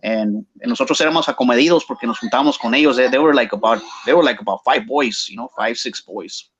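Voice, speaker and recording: A man's voice: medium pitch, fast talker, a bit bright, highs cut off. A man with a Chicano English accent telling a story casually, slangy and mixing English with Spanish.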